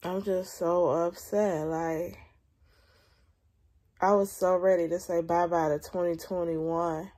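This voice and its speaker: A young woman vlogging casually from her bed at home into a phone camera, venting in a weary, drawn-out way and sounding slightly congested. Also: on the low side, flat delivery, mellow. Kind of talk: casual confessional vlog.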